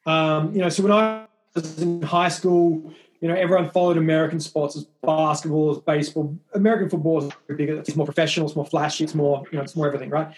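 A man's voice: a little high, fairly even intonation, quick pace. A middle-aged Australian man with an Australian accent, a guest telling stories in a rambling, self-deprecating, casual way. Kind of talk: casual interview conversation.

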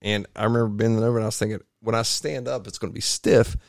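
Gravelly low-voiced man telling a story. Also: fast talker, no echo, studio quality. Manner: rambling, animated storytelling with restarts. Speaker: podcast guest, triathlete. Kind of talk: casual storytelling interview. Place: home garage.

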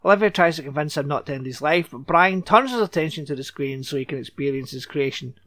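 A man's voice: fairly high pitch, expressive, fast, sharp tone, dry recording. A man hosting a podcast, recapping a TV episode in casual chat with sarcastic asides and casual swearing.

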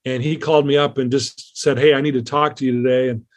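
A man's voice: medium pitch, level tone, quick pace, dull audio. A man as an interview guest, telling a personal story in an earnest, rambling way with many fillers and restarts.

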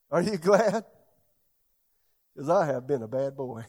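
Man, pastor, sermon, middle-aged, fairly high voice, loud bursts then quiet asides. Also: expressive, extremely slow. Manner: preaching with sudden loud bursts and soft asides.

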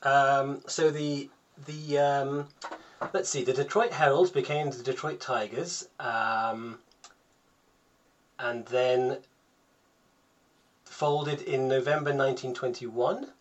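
A man's voice: mid-range voice, fairly even intonation, takes it slowly, long pauses, dull audio. A man hosting a casual podcast, reading out quiz items with lots of ums and easy laughter. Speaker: podcast host running a quiz.

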